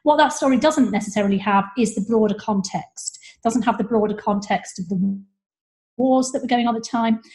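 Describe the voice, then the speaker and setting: A woman historian answering interview questions fluently from her flat, with a few fillers. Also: on the high side, a little fast. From England. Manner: articulate, fluent, some fillers. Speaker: historian guest. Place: high-rise flat at home.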